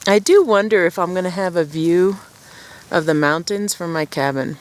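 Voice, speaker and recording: A woman's voice: fairly low pitch, animated, moderate pace. Chatty woman vlogging outdoors. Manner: chatty, rambling, laughs at herself. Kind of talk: casual chat to camera. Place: outdoors at a mountain campsite at dusk.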